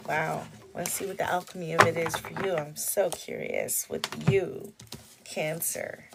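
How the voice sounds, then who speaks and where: A woman giving a tarot reading for a zodiac sign, animated, breaking into sung snippets and laughter. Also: sits low, a little slow, gravelly, background noise. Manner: animated, sings and chants snippets, laughs often. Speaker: tarot reader.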